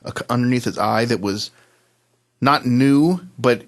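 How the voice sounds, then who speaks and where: A man's voice: mid-range voice, measured pace. A man co-hosting a podcast, telling a story in a dry, matter-of-fact way. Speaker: podcast co-host. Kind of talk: casual chat.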